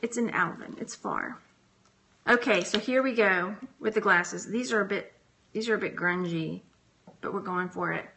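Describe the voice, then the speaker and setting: A woman's voice: medium pitch, normal speed, creaky, sharp tone, slight background noise. A woman from Texas chatting casually on a phone livestream, giggly and rambling as she talks to viewers. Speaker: reseller vlogger.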